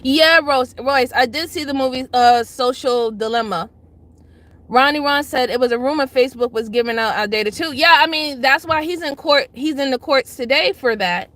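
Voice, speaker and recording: Bright, high-voiced woman livestream host. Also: normal speed. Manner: greets chatters by name, lectures and pleads; emphatic, repeats herself. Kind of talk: casual livestream commentary.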